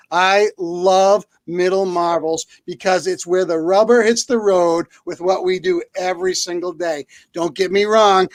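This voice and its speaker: A man's voice: high voice, dry recording. A man with a Boston accent, a school principal co-hosting a live-streamed talk show, long-winded and upbeat. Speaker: middle school principal, co-host.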